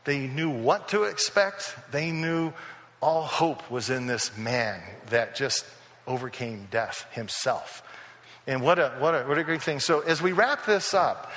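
Male pastor, fairly high and forceful voice, chatty sermon storyteller, church hall reverb. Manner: conversational storytelling, acting out quoted voices.

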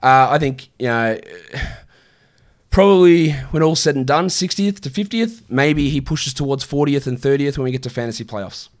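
Chatty man hosting a show. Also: mid-range voice. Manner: chatty, offhand, quick answers to viewer questions. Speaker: fantasy basketball show host. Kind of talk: casual live-stream Q&A.

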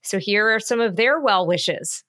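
A woman co-hosting a podcast, speaking warmly and emotionally. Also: mid-range voice, expressive, measured pace. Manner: warm and emotional. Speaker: podcast co-host.

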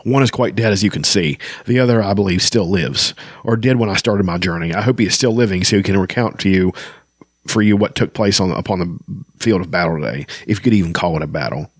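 Man voicing a cruel enemy officer, cold, sarcastic, harsh, low voice, dry sound. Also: fast, husky, dry recording.

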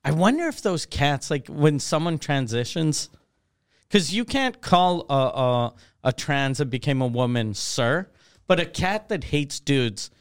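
Smooth, slightly high-voiced man. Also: lively intonation. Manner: easygoing, profane, with halting restarts. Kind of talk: casual podcast chat.

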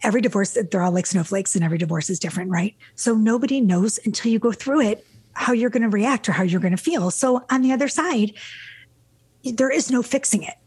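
A woman's voice: medium pitch, brisk, a little mellow, husky. A woman podcast host and dating coach in casual, emotional chat, who swears freely.

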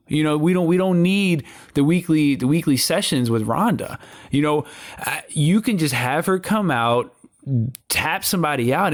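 A man on a wrestling discussion panel, talking casually and with energy, often stumbling and repeating words as he builds his point. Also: fairly high pitch. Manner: animated, repeats words when excited, slangy.

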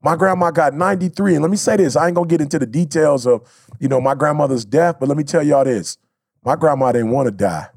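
A man's voice: a little high, fast, vocal fry, a little mellow, dry recording, clean studio sound. A man co-hosting a podcast, talking in a casual, heartfelt way. He is emphatic and slangy and repeats his points. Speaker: podcast co-host.

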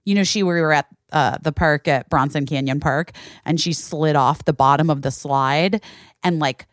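A woman's voice: moderate pace, no echo, clean studio sound. A woman in her forties hosting a podcast, telling stories with lots of laughter, swearing freely and dropping into little voices. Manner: animated storyteller, doing high childlike voices for her nephew. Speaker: podcast host. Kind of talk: casual chat.

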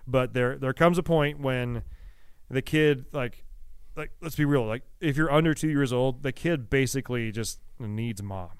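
Young male podcast co-host, smooth resonant voice, dry close sound, lively storyteller who mimics his kid. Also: a little slow, no echo. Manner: animated, acts out his toddler son in a high excited voice. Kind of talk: casual chat, storytelling.

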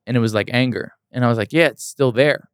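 Young male motivational speaker, earnest and emphatic, smooth resonant voice, dry close mic. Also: medium pitch, fast talker, no echo. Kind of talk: casual interview storytelling.

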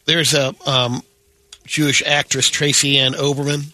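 A man's voice: mid-range voice, little pitch movement, unhurried, sharp tone. A man co-hosting a morning radio show, talking in a hesitant, tentative way. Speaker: radio co-host. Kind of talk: casual radio banter.

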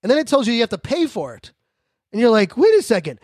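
A man hosting a podcast, talking fast and joking in a high-energy casual monologue. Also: sing-song, dry recording, studio quality. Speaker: podcast host.

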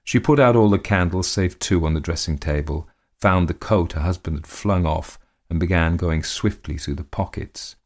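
A man narrating a period ghost story in a measured, dramatic way. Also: low-pitched, darkish tone.

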